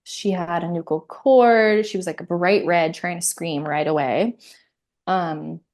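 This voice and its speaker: A woman in her thirties telling her own story as an interview guest, candid and animated, laughing often and acting out her inner voice. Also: on the low side, unhurried.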